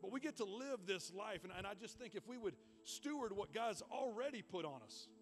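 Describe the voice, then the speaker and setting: A man preaching a sermon in a church, telling stories with lots of energy and repeating words when he gets excited. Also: sits high, brisk, faint music behind. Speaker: pastor.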